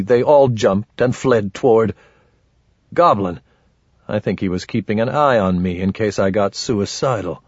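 A man narrating an audiobook in first person with a dry, grumbling, wry manner and a husky voice. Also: medium pitch, no echo, highs cut off.

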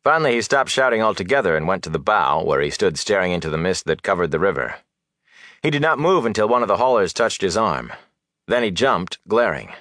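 A man reading a fantasy novel aloud as narrator, in a measured, steady storytelling manner. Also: deep voice, no echo, clean studio sound. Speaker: audiobook narrator.

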